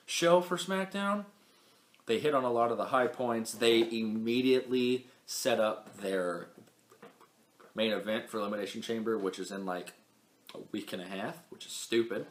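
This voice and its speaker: A man's voice: lowish voice, reverberant. A young man hosting a casual wrestling recap vlog, chatty and rambling, stumbling over words and correcting himself. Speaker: wrestling show recap host.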